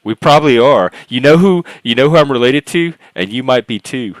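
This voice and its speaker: A Cajun man from South Louisiana in his forties, rambling and halting as he tells stories while hosting a panel chat. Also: mid-range voice, expressive, no echo, rough recording. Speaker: host of a panel discussion. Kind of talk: casual chat.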